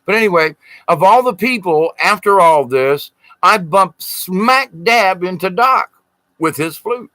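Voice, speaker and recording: A middle-aged man tells a long personal story in a rambling, earnest way. His voice sits a little high and sounds bright and forward. The recording is dry and close. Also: lively intonation, a little slow, no room sound, rough recording. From Southern United States. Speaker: spiritual storyteller. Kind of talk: casual storytelling.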